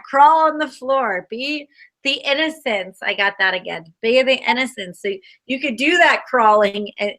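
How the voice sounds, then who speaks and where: An animated woman chatting casually about spiritual cards and the coming eclipse. Her voice is bright and crisp, sitting a little high. She laughs easily and acts out little quoted voices. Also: normal speed. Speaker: co-host reading oracle cards. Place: Boulder area.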